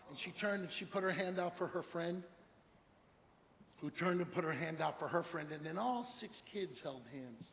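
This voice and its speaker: An older man delivering a humorous keynote with animated storytelling and rhyming slogans. His voice is bright and gravelly, a little higher than most, and rings with the long reverb of a large hall over faint noise. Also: normal speed. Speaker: keynote speaker. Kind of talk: humorous motivational speech.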